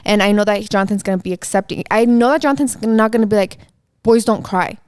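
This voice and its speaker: Smooth-voiced earnest podcast co-host woman. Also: medium pitch, fast, darkish tone, no room sound, clean studio sound. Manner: earnest, explaining with frequent "you know". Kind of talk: casual chat.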